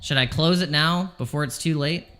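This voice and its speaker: A man's voice: a little high, normal speed, bright, forceful tone, soft background music. A man streaming his crypto trades live from home, talking anxiously and pleading over and over with the market. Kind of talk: live trading stream commentary.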